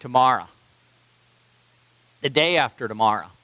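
A male pastor preaching a sermon in an animated way, acting out the voices of the people he quotes. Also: mid-range voice, moderate pace, no room sound, lo-fi sound.

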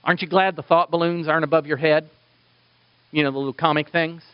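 A man preaching a sermon in a fairly high voice, jumping between emphatic, raised lines and hushed asides. The sound is dry and a little dull, with no room echo. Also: quick pace, clear, resonant tone. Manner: animated preaching with sudden loud and soft turns, playful asides to the congregation. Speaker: pastor.

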